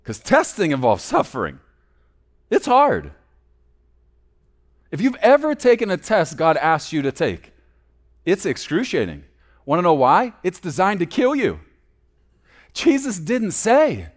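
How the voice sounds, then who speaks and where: Guy preaching a sermon, really animated, goes loud then drops way down quiet. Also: measured pace, long pauses. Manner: animated preaching, swings between loud emphasis and hushed low asides. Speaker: pastor.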